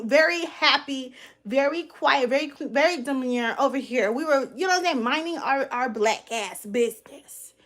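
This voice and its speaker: High-voiced woman ranting bluntly. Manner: blunt, sarcastic, profane, animated. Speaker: content creator. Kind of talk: casual storytime rant to camera.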